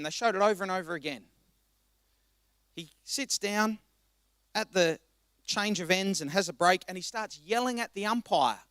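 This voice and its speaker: High-voiced impassioned male pastor. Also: no echo, clean studio sound. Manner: impassioned, rising to loud exhortation. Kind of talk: sermon.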